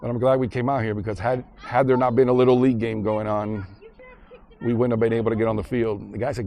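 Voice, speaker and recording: A man's voice: medium pitch, fast talker, vocal fry. A man casually narrating a vlog outdoors, chatting as he walks through a parking lot and ballpark with a handheld camera. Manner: relaxed, chatty, retells scenes as he walks. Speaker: vlogger visiting filming locations.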